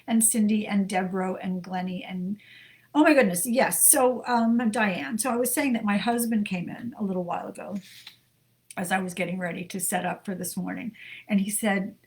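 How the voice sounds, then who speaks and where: Warm and chatty, this middle-aged US woman welcomes viewers by name while co-hosting a live book show at her home desk. Her medium-pitched voice holds a steady tone at a moderate pace, dotted with many ums.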